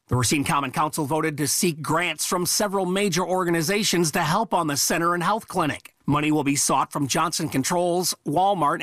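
A man's voice: on the high side, dry recording, clean studio sound. Man reading local radio news. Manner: brisk, even newsreader delivery. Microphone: studio mic.

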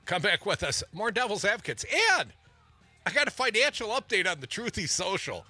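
A man's voice: high-pitched, big pitch swings, brisk, pushed and bright, breathy edge, faint music behind. A man co-hosting a political talk show, blunt and mocking in his commentary. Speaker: co-host.

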